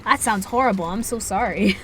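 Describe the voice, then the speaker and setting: A woman's voice: medium pitch, normal speed, fairly bright tone, slight background noise. A woman in her twenties, a streamer, telling a story in a rambling, casual way, swearing freely and laughing at herself. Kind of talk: casual storytelling while gaming.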